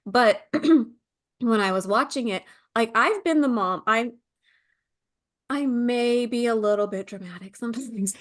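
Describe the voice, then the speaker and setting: A woman's voice: a little high, a little slow. A woman who is a mother, a guest on a podcast, talking casually and animatedly about a film and acting out lines. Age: adult mother. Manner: animated, acts out quotes, many "like" fillers.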